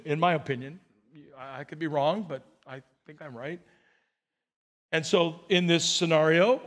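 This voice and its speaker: A man preaching a sermon as pastor, animated and joking, often restarting his words. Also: fairly high pitch.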